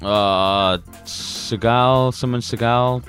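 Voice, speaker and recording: A man's voice: medium pitch, drawn-out words, fairly bright tone, soft background music. A man co-hosting a podcast in casual chat, blunt and profane, chiming in with quips. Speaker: podcast co-host.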